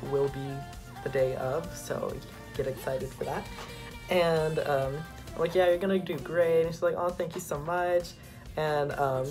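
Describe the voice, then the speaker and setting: A young adult man vlogging, telling an excited, rambling story with lots of filler words. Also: a little high. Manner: excitable, rambling, heavy use of "like". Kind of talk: casual storytelling to camera.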